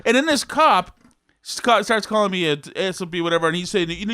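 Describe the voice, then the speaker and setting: Animated storytelling man, dry sound. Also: sits high, a little fast, smooth, no room sound. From Massachusetts. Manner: rambling, animated anecdote-telling with restarts. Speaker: podcast co-host. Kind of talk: casual chat, storytelling.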